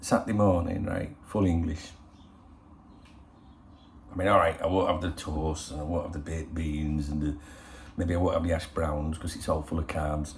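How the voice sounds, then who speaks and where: A man's voice: a bass voice, level tone, normal speed, a little hiss or hum. A middle-aged man hosting a football channel, chatting casually in a rambling, cheeky way full of swearing. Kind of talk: casual chat. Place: in Spain.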